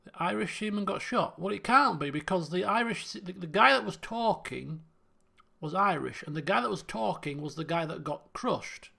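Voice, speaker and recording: A man's voice: high voice, expressive, normal speed, creaky, sharp tone. A man streaming a detective game, thinking aloud and muttering to himself as he works through clues. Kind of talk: let's play commentary.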